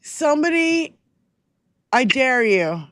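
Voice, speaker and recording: A woman ranting on a casual podcast, profane and fired up. Her pitch swings widely as she talks, and the sound is dry and close. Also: very animated, slow, no room sound.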